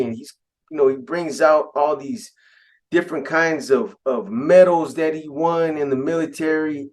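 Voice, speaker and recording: A man casually telling a first-person story in laid-back street slang, with frequent restarts and asides. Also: fairly high pitch. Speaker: podcast storyteller.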